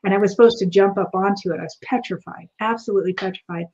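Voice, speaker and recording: A woman's voice: mid-range voice, fast talker. Woman telling a story animatedly, muffled audio. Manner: animated, acts out quoted dialogue. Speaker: returning guest. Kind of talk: lively personal storytelling.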